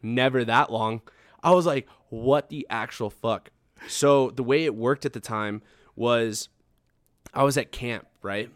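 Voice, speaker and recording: A man's voice: medium pitch, a little slow, smooth, no echo, clean studio sound. Young man telling a sweary story. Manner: swears often, acts out his own past reactions. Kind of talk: casual storytelling chat.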